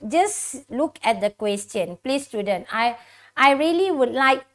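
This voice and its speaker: Woman teacher, fairly high voice, earnest, encouraging, addresses students directly. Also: expressive, unhurried, a bit bright. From Malaysia. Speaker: English teacher. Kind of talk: co-hosted exam-prep lesson.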